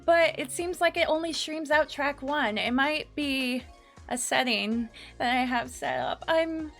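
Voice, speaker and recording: A woman's voice: high-pitched, a little slow, fairly bright tone. A woman streaming live, chatting casually and nervously with her viewers, giggling and greeting people by name. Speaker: VTuber streamer. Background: faint background music.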